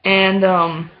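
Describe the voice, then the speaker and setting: A man's voice: high-pitched, a little hiss or hum. A man telling a story in a casual vlog, rambling with many fillers and restarts and laughing often. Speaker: vlogger. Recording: dull lo-fi home video audio.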